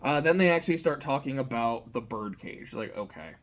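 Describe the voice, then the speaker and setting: A young man chatting casually about a book, retelling scenes in a loose, animated way with plenty of swearing and fillers. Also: medium pitch, a little fast, a little hiss or hum. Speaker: book reviewer. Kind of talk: casual chat.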